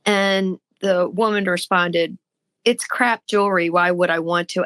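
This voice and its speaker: Animated woman telling stories, dry sound. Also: mid-range voice, a little slow, smooth, no echo. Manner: animated storyteller who acts out quoted people. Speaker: podcast co-host. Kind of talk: casual chat.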